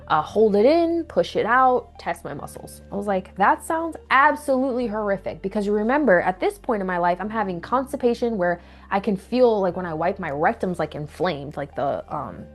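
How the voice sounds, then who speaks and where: A young woman telling a personal story to camera in a candid, animated way, acting out what people said. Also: medium pitch. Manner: candid, animated retelling with acted quotes. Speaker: vlogger.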